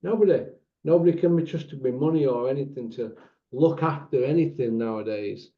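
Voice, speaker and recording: A man hosting a casual chat, animated and bantering, swearing freely. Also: medium pitch, brisk, roomy sound. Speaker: channel host. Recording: dull lo-fi sound.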